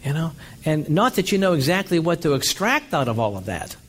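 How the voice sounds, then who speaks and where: A male pastor preaching an energetic sermon, telling stories and calling for amens. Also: fairly high pitch, brisk. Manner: energetic, calls for amens, storytelling.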